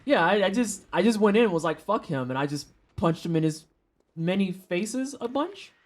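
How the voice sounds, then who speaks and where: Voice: medium pitch, animated, moderate pace. Profane, joking game streamer. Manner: profane, joking, talks to chat. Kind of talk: casual livestream chat while gaming.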